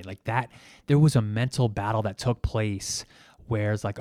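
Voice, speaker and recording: A man's voice: mid-range voice, unhurried, mellow, no room sound, clean studio sound. A middle-aged man hosting his podcast alone, reflecting earnestly and a little emotionally, with many fillers and restarts. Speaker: podcast host and coach. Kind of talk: reflective solo podcast talk.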